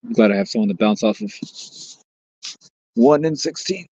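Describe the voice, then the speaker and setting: A man's voice: mid-range voice, sing-song, moderate pace, dark tone, husky, no room sound, dull audio. A man hosting a livestream, chatting casually and joking as he rambles and reads out viewer comments. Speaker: livestream host.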